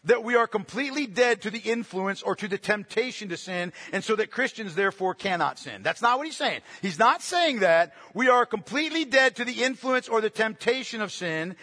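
A man preaching a sermon, emphatic, repeating phrases for stress, shifting between hushed and loud passages. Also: very high-pitched. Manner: swings from quiet to loud. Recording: long echo of a large hall.

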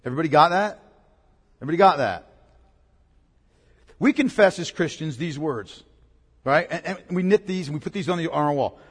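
A pastor preaches emphatically, repeating key words and putting questions to the congregation. His fairly high, slightly rough voice moves fairly quickly but with long pauses, and the large hall adds a long reverb.

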